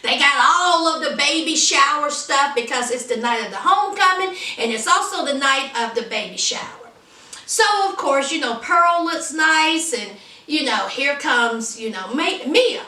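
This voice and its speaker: A woman chatting through a lively, sassy recap of a TV episode, full of asides to the viewer. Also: high-pitched, normal speed, reverberant, far from the mic. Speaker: TV episode reviewer.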